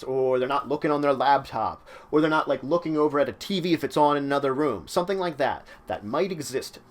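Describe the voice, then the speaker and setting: A man hosting his own channel, explaining game-mastering tips in a loose, conversational way with frequent fillers. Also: mid-range voice. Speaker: channel host giving game-mastering advice. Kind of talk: casual instructional talk.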